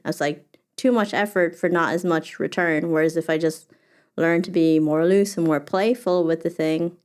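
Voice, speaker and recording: A woman's voice: sits low, a little mellow. A woman hosting her own podcast, talking alone and thinking aloud with lots of "like" and restarts. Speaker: podcast host. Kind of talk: reflective solo podcast monologue.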